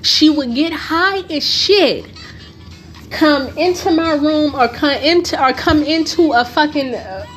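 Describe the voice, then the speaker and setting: A woman's voice: high voice, a bit bright. A woman hosting a podcast, telling a personal story in a casual, emphatic way, full of swearing and rhetorical questions. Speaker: podcast host.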